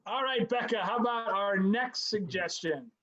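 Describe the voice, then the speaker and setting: A man's voice: high-pitched, moderate pace, a bit bright, dull audio. A man hosting a live improv show from home over a video call, introducing the games in a jokey, announcer-like way.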